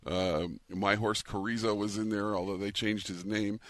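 A man's voice: on the low side, flat delivery, moderate pace, a bit bright, dry recording. A man co-hosting a radio show, telling stories casually and laughing along. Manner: anecdotal, laughs as he tells stories. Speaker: radio co-host and racehorse owner. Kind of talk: casual storytelling chat.

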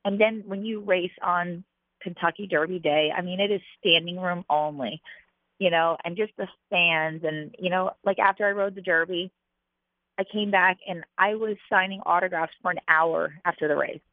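A woman's voice: fairly low pitch, moderate pace, dry recording. Talkative woman guest, filler-heavy storyteller, tinny phone-line audio. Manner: chatty, animated, with many fillers. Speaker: jockey, interview guest. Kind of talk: casual interview storytelling.

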